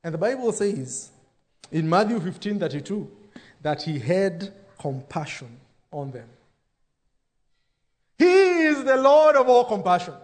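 A pastor preaching a sermon, dropping into quoted voices for emphasis. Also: male voice, high voice, big pitch swings, measured pace, long pauses.

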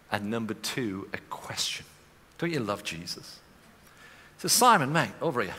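A man preaching a sermon as pastor, moving from quiet storytelling to impassioned preaching in a church auditorium. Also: mid-range voice. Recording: long reverb of a large hall.

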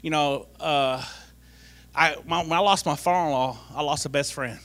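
A middle-aged man tells a lively personal testimony, repeating phrases for comic effect. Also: on the high side, normal speed. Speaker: church member giving testimony.

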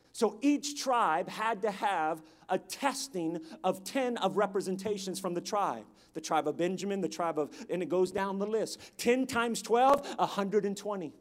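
A man preaching a sermon, building his repeated phrases up to loud, emphatic peaks. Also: high voice, lively intonation, measured pace.

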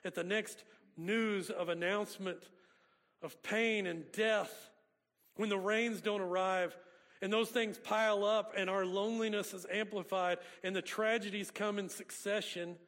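A man's voice: sits high, vocal fry, a bit bright. A man, a pastor preaching a sermon with folksy storytelling. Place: church sanctuary. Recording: long reverb of a church hall.

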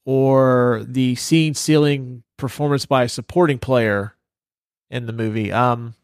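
A man's voice: medium pitch, steady tone, unhurried, clear, resonant tone, no echo, clean studio sound. A man hosting a podcast, chatting loosely about a film with many fillers and casual swearing. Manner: loose, filler-heavy, profane. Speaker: podcast host. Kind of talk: casual movie review chat.

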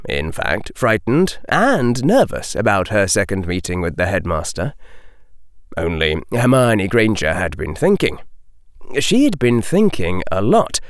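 A man narrating a storybook with expressive reading that slows down for dramatic stresses. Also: on the low side, dry recording, studio quality. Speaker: audiobook reader.

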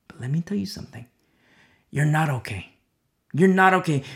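A man preaching a sermon with passion, repeating phrases and swinging from loud bursts to hushed, near-whispered lines. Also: sits high. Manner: impassioned, repetitive, swings between loud and hushed.

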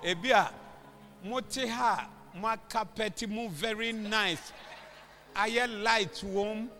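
Ghanaian male preacher, high and very bright, preaching in a reverberant hall with music playing underneath. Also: slow. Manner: switches languages, call-and-response, rising to shouted exhortation. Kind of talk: convention sermon. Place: large church hall. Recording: echoey hall with music behind.

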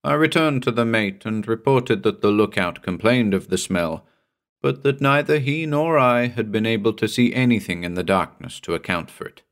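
A man reading a horror story aloud in a measured, dramatic storytelling manner. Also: lowish voice, lively intonation. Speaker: audiobook narrator.

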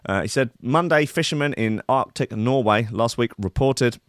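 A man's voice: medium pitch, moderate pace, no echo, studio quality. A man hosting a show, reading a news story aloud and ranting about it in a sweary, sardonic, mock-outraged way. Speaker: radio show host. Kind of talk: comic rant reading news.

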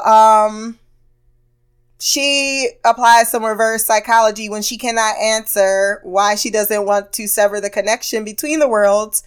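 A woman hosts a podcast, recapping a TV episode in a loose, blunt and profane way. She laughs often and acts out the characters' lines in a fairly high, clear, resonant voice.

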